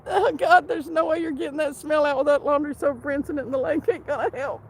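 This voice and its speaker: High, gravelly woman streamer laughing. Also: fairly even intonation, fast, few pauses, slight background noise, poor audio. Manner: laughs constantly while reading chat. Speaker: live streamer. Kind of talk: casual live-stream chat reading.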